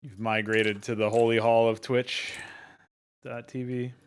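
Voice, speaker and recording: A man's voice: medium pitch, level tone, a little slow, smooth. Laid-back man chatting on stream. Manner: laid-back, laughs often, swears casually. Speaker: game modder streaming. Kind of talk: casual livestream chat.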